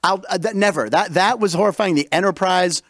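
A man's voice: high-pitched, a little fast, fairly bright tone, dry recording, studio quality. A man hosting a talk show, asking guests eager questions and often stammering on his restarts. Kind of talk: casual interview chat.

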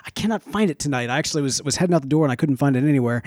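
A man's voice: a little high, expressive, very fast, darkish tone, dry recording, clean studio sound. A man co-hosting a live podcast, rambling casually with many fillers and restarts. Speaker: podcast co-host.

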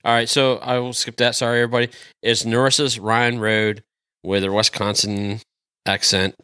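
A man with a bright, forward voice chatting casually as a podcast co-host. He is easygoing and talks things through aloud, recorded dry and close. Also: mid-range voice, little pitch movement, moderate pace, smooth, no echo.

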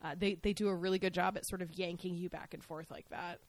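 A woman co-hosting a podcast, chatting casually as she recaps a TV episode, outspoken and animated, acting out the characters' lines. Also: fairly low pitch, fast talker, dry recording. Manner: animated, outspoken, acts out scenes. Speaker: podcast co-host.

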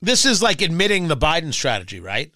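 A man's voice: a little high, huge pitch swings, a little fast, bright, forceful tone, dry recording, studio quality. A man hosting political talk radio, emphatic and sarcastic, sometimes mocking other voices. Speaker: radio talk show host.

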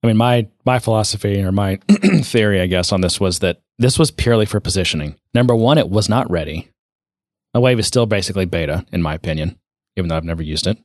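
A man co-hosting a casual tech podcast, talking in a rambling way and trailing off quietly at the ends of thoughts. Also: sits low, fast talker, no echo, clean studio sound. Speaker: podcast co-host.

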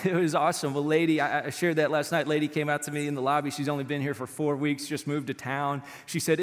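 A man preaching a sermon to his church in an animated, conversational way, acting out quotes as he goes. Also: a little high. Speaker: pastor. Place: church auditorium. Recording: live church sermon with long hall reverb.

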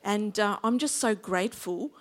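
A woman's voice: mid-range voice, moderate pace. A woman in her fifties with an Australian accent, preaching a sermon in a chatty, humorous way and drawing in the congregation. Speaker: pastor.

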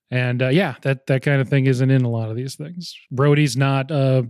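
A man's voice: mid-range voice, fairly even intonation, moderate pace, darkish tone, no room sound, clean studio sound. A young man in casual film talk with friends, rambling and often laughing as he goes.

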